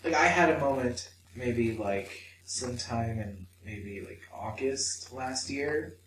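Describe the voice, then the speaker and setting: A podcast co-host with a mid-range voice and lively intonation speaks slowly, telling a personal story with swearing and acted-out inner voices. The candid chat is recorded in an echoey room with a distant mic and a noisy background.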